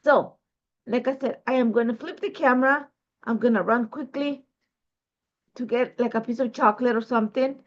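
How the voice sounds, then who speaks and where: A woman from Ecuador, a native Spanish speaker with an Ecuadorian Spanish accent, hosts a crafting video, chatting casually and rambling with many fillers. She is fighting a cough with an irritated throat. Her voice is a little high at normal speed, and the sound is lo-fi.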